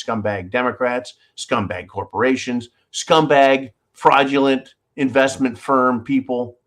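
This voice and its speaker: A man hosting his own channel, delivering a profane, sarcastic political rant with sudden jumps in pitch and volume. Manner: loud swings in pitch and volume. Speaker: channel host.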